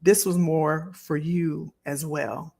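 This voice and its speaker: Husky, gravelly middle-aged woman host. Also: low voice, steady tone, slow pace, dark tone. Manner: heartfelt, repeats phrases, talks straight to viewers. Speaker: live stream host. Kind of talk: casual chat to a live audience.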